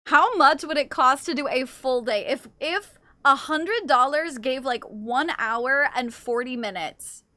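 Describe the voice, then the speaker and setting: A woman's voice: sits high, a little slow, pushed and bright, dry recording. A woman livestreamer chatting casually and playfully with her viewers, reading chat aloud and swearing now and then.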